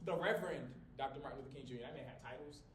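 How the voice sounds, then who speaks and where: A man teaching a college class in a small room without a microphone. He talks in a lively, joking way and swings his volume and pitch up and down to demonstrate. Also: rapid-fire. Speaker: college instructor. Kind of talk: classroom lecture. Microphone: no microphone, recorded from across the room. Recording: echoey room from a distance with low rumble.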